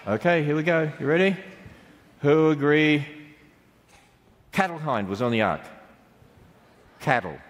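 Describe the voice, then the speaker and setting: A man's voice: a little high, expressive, unhurried, pauses often. A middle-aged Australian man giving a playful church talk to children and quizzing them on the answers. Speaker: speaker to children. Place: large church hall. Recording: long hall reverb.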